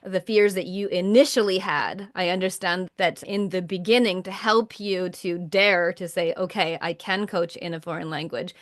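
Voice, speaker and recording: A woman with a voice on the low side hosts a coaching podcast at normal speed with few pauses. The sound is clean studio audio with no echo. In this conversational interview she's reflective and encouraging, summarizing what her guest says and sharing her own experience.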